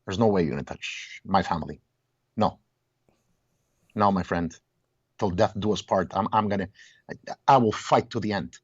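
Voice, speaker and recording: A man's voice: low-pitched, normal speed, pauses often, breathy edge, no echo, dull audio. A man talking as a guest in a heated casual conversation, telling stories emphatically and restarting his words often. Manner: animated storyteller, repeats and restarts words, exclaims.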